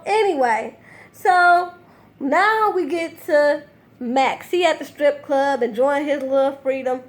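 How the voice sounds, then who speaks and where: A woman with a high voice gives a casual recap of a reality TV episode. She speaks bluntly and sassily, with plenty of profanity. Her retelling stays lively and opinionated. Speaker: TV recap host.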